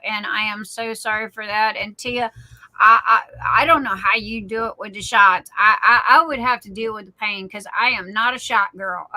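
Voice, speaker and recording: Lady rambling thru a story, high bright voice, lots of restarts. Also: low-quality recording. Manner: chatty storyteller, repeats words and restarts often. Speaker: guest on a live chat stream. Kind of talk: casual chat.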